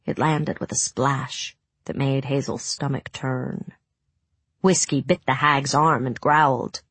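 Woman reading a dark story, low husky voice, dry close mic. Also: fairly even intonation, no room sound. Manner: measured, dramatic storytelling. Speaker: narrator. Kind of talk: audiobook narration.

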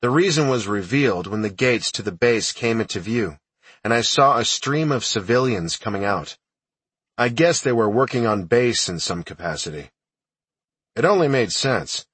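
A man's voice: mid-range voice, animated, moderate pace, fairly bright tone, breathy edge, no room sound, recorded from a distance. A man reading first-person audiobook narration in a plain, matter-of-fact storytelling manner.

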